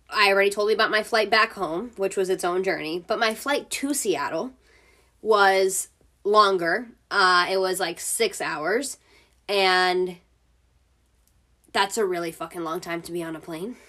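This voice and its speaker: A woman's voice: mid-range voice, unhurried, pauses often, pushed and bright. A woman talks through her own podcast at home in a loose, chatty manner. She swears often and pads her sentences with filler words. Her voice sits in an ordinary middle range. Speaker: podcast host. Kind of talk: casual solo podcast storytelling.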